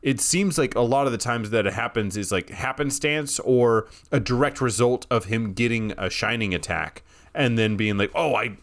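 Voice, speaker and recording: A man's voice: mid-range voice, normal speed. A man co-hosting a podcast, talking through a film in long run-on sentences that he strings together with "like.". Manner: talks in long runs strung together with "like". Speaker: podcast co-host. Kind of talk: casual film discussion.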